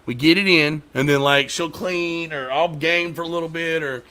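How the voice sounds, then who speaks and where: A man's voice: on the high side, steady tone, normal speed, pushed and bright. A young adult man, a father, chatting casually as a podcast host and telling loose, profane stories about his kids. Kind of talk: casual chat.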